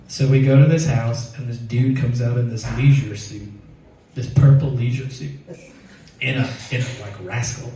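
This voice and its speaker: A man's voice: medium pitch, moderate pace, dark tone, heavy reverb, far from the mic, slight background noise, low-quality recording. A man telling a profane, rambling personal story and laughing through it. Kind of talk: live storytelling.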